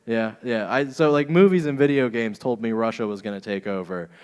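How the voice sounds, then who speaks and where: A man's voice: medium pitch, brisk, a little mellow, smooth. A young man doing a stand-up set in a comedy club, often laughing at his own jokes.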